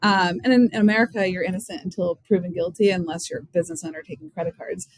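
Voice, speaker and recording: A woman's voice: medium pitch, very animated, quick pace, low-quality recording. A woman, a business co-founder, speaking frankly and directly as an interview guest. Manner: frank and direct, many "like" fillers. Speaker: guest, payments company co-founder. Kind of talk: explaining in an interview.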